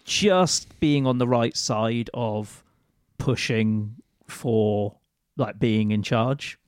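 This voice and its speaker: A man taking part as a player in a tabletop role-playing game, relaxed and agreeable in casual chat. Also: medium pitch, extremely slow, dry recording, studio quality.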